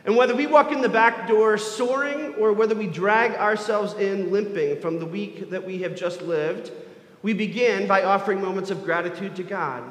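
A man preaching a sermon as a pastor, earnest and building to emphatic repetition. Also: high voice. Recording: echoey hall.

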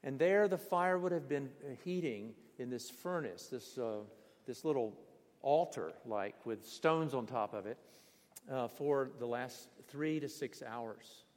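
An older man preaching a sermon, telling personal stories with animated, vivid emphasis in a church. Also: medium pitch, unhurried. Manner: vivid, animated storyteller with bursts of emphasis and laughter. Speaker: pastor. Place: church sanctuary. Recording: long hall reverb.

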